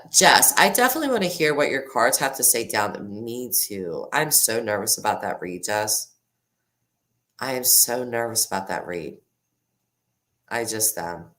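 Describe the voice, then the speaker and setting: A woman with a low voice that swings widely in pitch, hosting a casual live chat with her viewers. She rambles, starts sentences over, laughs often and reads comments out as she goes. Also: fairly bright tone. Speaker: livestream host.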